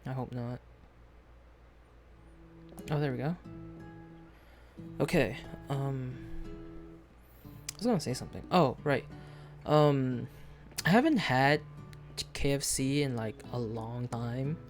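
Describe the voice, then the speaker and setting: A man's voice: medium pitch, slow, long pauses, soft background music. Rambling young-sounding man streaming a game. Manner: rambling, hesitant, many fillers and restarts. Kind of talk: casual live-stream chat.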